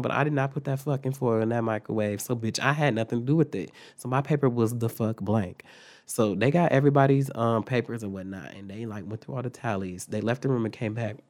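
Young guy doing a storytime vlog, swears a lot, super dramatic, mid-pitched voice. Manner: animated, profane, dramatic storytelling. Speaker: vlogger.

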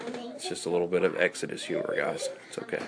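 A man's voice: deep voice, huge pitch swings, fast talker, vocal fry, crowd noise. A man hosting a casual radio talk show, rambling with restarts and joking asides, from the US South.

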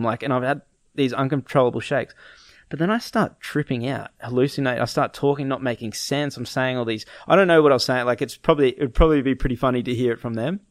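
A man's voice: mid-range voice, fast, no echo, studio quality. A young man casually telling a story, acting out his friends' lines and laughing often.

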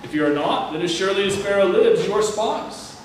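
A man reading a Bible passage aloud in a measured, plain way, sometimes stumbling and restarting a phrase. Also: high voice, expressive. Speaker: scripture reader. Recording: very echoey room, distant mic, faint ambient noise.

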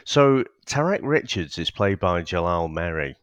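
A man's voice: sits low, very animated, measured pace, a bit bright, clear, resonant tone, no room sound. A man co-hosting a film podcast, reading a synopsis and chatting casually with swearing and chuckles. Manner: laid-back, sweary, chuckling. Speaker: podcast co-host. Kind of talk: casual film review chat.

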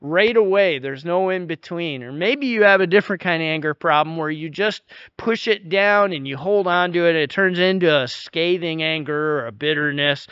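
A man preaching a sermon in a conversational way, often restarting phrases and dropping to a soft, intense hush. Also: a little high, normal speed, few pauses, clean tone, dry recording, lo-fi sound. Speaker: pastor.

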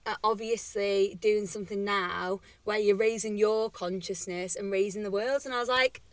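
A woman's voice: medium pitch, steady tone, moderate pace, dry recording. A young woman co-hosting a podcast, chatting casually and giggling often, recorded outdoors. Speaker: podcast co-host. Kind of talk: casual chat. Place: outdoors in a cemetery at sunset.

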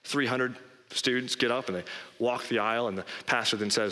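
A man preaching a sermon as pastor, emphatic and rising in pitch on key phrases. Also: a little fast, sharp tone. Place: church sanctuary. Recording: long hall reverb.

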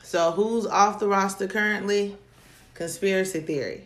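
A woman co-hosting a casual chat about dating, telling stories in an animated way and laughing often. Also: medium pitch, normal speed. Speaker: podcast co-host. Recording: echoey room.

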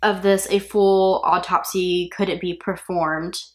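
A woman's voice: on the low side, little pitch movement, takes it slowly, a little mellow. A woman hosting a true crime podcast, recounting a case in a casual, opinionated way and reacting aloud as she goes. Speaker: podcast host.

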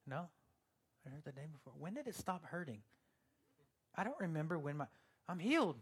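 A man preaching to his church in a somewhat high voice. He talks like he is chatting with the congregation, teasing them with jokes, then leans in with earnest emphasis. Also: very animated, fairly quick, long pauses, husky. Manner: conversational, joking asides to the congregation. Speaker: pastor. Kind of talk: sermon.

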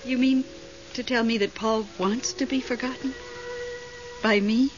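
Actress playing a startled lonely widow, old radio play. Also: female voice, on the high side, fairly even intonation, a little slow, over music, lightly acted. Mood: insistent. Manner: breathless and startled, gasping. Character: lonely widow Melba, frightened, devoted to dead husband. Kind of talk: 1970s radio drama acting. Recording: dull old radio broadcast, faint hiss.

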